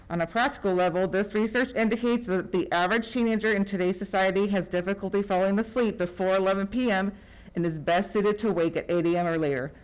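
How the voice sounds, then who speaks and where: Student speaker, clean smooth voice, formal steady read of prepared remarks. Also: medium pitch, rough recording. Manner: formal, steady, reads citations. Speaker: student speaker at school board meeting. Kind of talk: reading a prepared statement.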